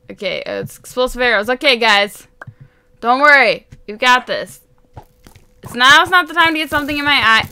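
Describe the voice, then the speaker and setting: A woman hosting a game video, giving chatty, excitable play-by-play that bursts into squeals and laughter. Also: sits high, clean tone. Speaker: gaming video host. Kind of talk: excited let's-play commentary.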